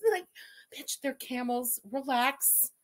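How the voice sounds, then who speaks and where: A woman streamer gives mocking, profane commentary on a video, breaking off to thank her viewers. Her voice sits high and swings widely as she jeers. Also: expressive, moderate pace. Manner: sarcastic, crude, mocking. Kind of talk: live-stream reaction commentary.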